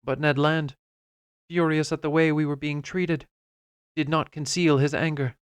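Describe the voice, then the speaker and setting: Male audiobook narrator, measured and expressive, smooth voice a bit high, dry close sound. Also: no echo. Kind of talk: first-person novel narration.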